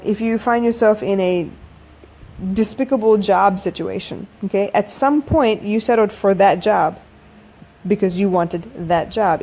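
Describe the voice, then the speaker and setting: A woman in her thirties talks casually into a phone for a late-night podcast. Her voice is mellow and dark-toned, and she speaks frankly and chattily, calling her listeners y'all. The sound is plain live audio with no production. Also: medium pitch. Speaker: podcast host. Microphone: phone-recorded live audio.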